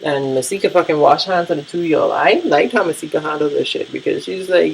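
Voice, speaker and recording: A gravelly, creaky voice rambles through a casual recap of the week's television. The talk is blunt and laced with profanity, full of "um" and "like" as thoughts wander. It has the loose feel of a vlogger talking straight into a camera mic. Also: mid-range voice, lively intonation, a little fast, hardly any pauses, a little hiss or hum, low-quality recording. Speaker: vlogger reviewing TV shows.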